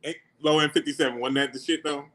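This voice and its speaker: A man, hosting a casual livestream and chatting back to viewer comments in an animated, slangy way. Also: fairly high pitch, fast talker. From New York. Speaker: livestream host.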